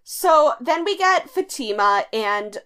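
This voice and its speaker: A woman's voice: sits high, animated, takes it slowly, bright, forceful tone, clear, resonant tone. Chatty, sarcastic young woman co-host. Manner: chatty, sarcastic, acts out quotes in a mock voice. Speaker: podcast co-host. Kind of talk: casual chat recapping a reality show.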